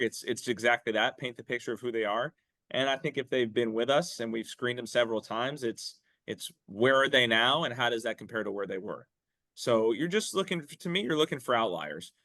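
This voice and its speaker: A man's voice: mid-range voice, a bit bright, no echo. A man answering as a coaching guest, analytical, often restarting and repeating words. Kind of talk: interview answers.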